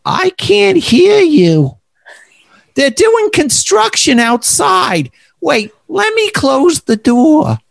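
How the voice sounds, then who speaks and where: A man voicing an elderly male physiatrist in his nineties with a New York accent, telling a story slowly. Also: very high voice, wildly swooping pitch, creaky, pitched above the performer's own voice, full character voice. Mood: flustered. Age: 90s. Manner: slow, reminiscing storyteller.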